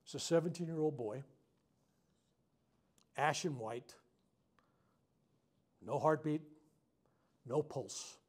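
A man, a reverend leading a self-healing workshop, telling stories to a live group in a frank, unscripted and heartfelt way, with loud outbursts at dramatic moments. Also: fairly high pitch, slow, pauses often, husky. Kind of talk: storytelling talk to a live group. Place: workshop room with a live audience.

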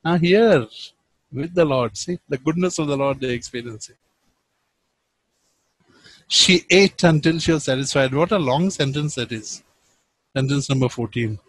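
A man preaching a sermon, reading Bible verses and swinging from loud emphasis to hushed tones. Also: on the high side, a little slow, long pauses, dry recording, poor audio.

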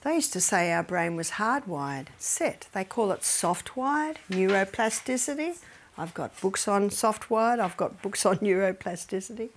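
A middle-aged woman giving a health seminar that weaves in Bible teaching. She tells stories lively, laughs often, and drops to a soft whisper for emphasis. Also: medium pitch, a little slow, a little hiss or hum. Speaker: health educator.

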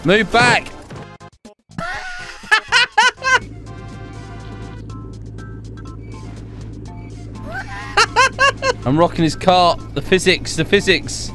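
A young man giving jokey, excitable commentary over his own gameplay, laughing often. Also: high voice, moderate pace, hardly any pauses, soft background music. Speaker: gaming YouTuber.

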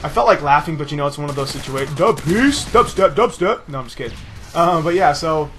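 A man's voice: on the high side, fairly even intonation, quick pace, a bit bright, faint music behind. A young man casually telling a rambling story over gameplay, swearing freely and laughing at his own tale. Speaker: gaming video host.

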